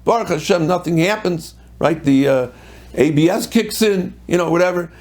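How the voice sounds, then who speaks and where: A man's voice: sits high, normal speed, a little mellow. A middle-aged man, a rabbi giving a sermon, telling stories and acting out what people said, with Hebrew and Yiddish terms mixed in.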